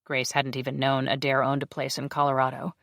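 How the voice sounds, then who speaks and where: A steady, measured audiobook narration of a paranormal romance, with a medium pitch and level delivery. It is recorded close with a dry sound. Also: creaky, dry recording.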